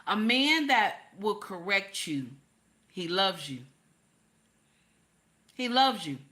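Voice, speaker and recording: Bright-voiced woman preaching to her viewers. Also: medium pitch, very animated, slow. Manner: emphatic, preachy, addresses viewers directly. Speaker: reaction video host. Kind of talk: casual commentary to viewers.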